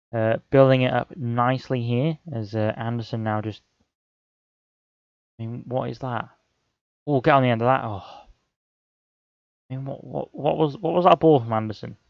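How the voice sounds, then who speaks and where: A man's voice: medium pitch, gravelly, no echo, muffled recording. A young man commentating on a football management game, often frustrated and exclaiming at the action. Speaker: gaming channel host.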